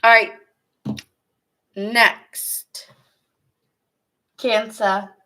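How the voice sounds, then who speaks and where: Unhurried woman reading tarot cards. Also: fairly high pitch. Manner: chatty, talks to viewers by name between cards. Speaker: tarot reader. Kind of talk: casual live tarot reading. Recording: steady background noise.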